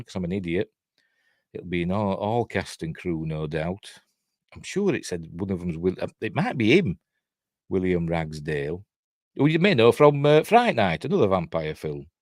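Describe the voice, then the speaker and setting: A man's voice: deep voice, no echo, clean studio sound. A man with a Yorkshire accent giving a casual, rambling film commentary full of trivia asides. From Yorkshire, England. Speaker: film reviewer.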